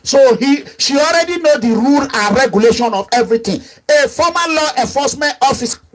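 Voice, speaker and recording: In a brisk, animated delivery, a middle-aged man with a Nigerian accent gives an impassioned monologue as an activist leader. Emphatic and repetitive, he alternates low asides with raised outbursts.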